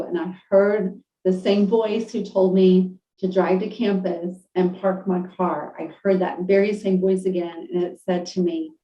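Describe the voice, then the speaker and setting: A middle-aged woman telling a deeply emotional personal story on a podcast, halting, with many fillers and restarts. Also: fairly even intonation, dark tone. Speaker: podcast guest. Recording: roomy, distant, dull lo-fi audio.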